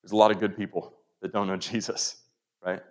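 A man's voice: low-pitched, flat delivery, a little fast. Earnest casual young male preacher. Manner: casual, earnest, frequent "right?" and "like" asides. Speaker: pastor. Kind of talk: conversational sermon.

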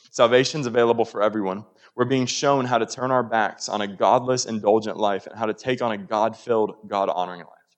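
A young man gives a sermon in a relaxed, conversational way, full of small asides and check-ins with the congregation. His voice sits a little low, and he sounds earnest and plain rather than formal. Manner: casual, earnest, frequent "right?" and "like" asides. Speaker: pastor.

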